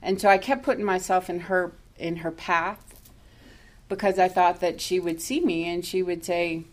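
A woman's voice: on the low side, flat delivery, normal speed. A woman telling her own recovery story at a meeting, candid and self-mocking, laughing often as she talks. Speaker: recovery speaker.

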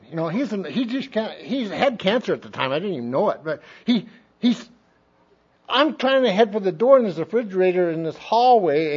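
A man with a fairly high voice tells a long story to a group, rambling in a folksy way and acting out what other people said. The recording sounds dull and lo-fi, with the top end muffled. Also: a bit bright, husky. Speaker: speaker sharing his recovery story.

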